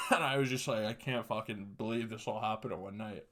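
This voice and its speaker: A man's voice: lowish voice, fairly quick, a bit bright. A young man hosting a solo podcast, telling a story casually, swearing constantly and laughing mid-sentence. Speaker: podcast host.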